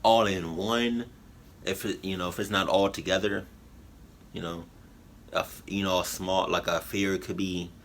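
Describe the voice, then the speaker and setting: A man giving halting, emotional commentary on a reaction video, full of fillers and restarts. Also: low-pitched, steady tone, a bit bright, a little hiss or hum. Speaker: YouTube reactor. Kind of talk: rambling heartfelt commentary.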